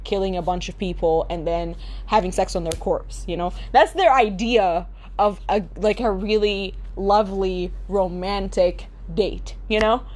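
A young woman ranting in a comedic vlog, exasperated and sarcastic, swearing freely. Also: medium pitch. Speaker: vlogger. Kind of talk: comedic rant.

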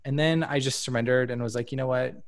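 A man's voice: mid-range voice, fairly even intonation, fast talker. A man hosting a casual movie podcast, wry and joking. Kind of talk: casual chat.

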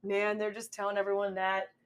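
A woman in her twenties, a teacher co-hosting a casual chat podcast, chatty and quick to laugh along. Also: mid-range voice, monotone, clean tone.

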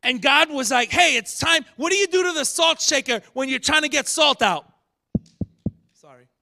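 A man preaching a sermon, teaching from scripture and acting out sharp rebukes with rising shouts. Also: extremely high pitch, lively intonation, moderate pace, vocal fry. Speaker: pastor.

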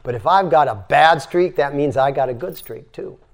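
The older man leading this spiritual yoga lecture has a gravelly voice on the high side and speaks at a moderate pace. He demonstrates breathing through sighing exhalations and tells stories with emphasis.

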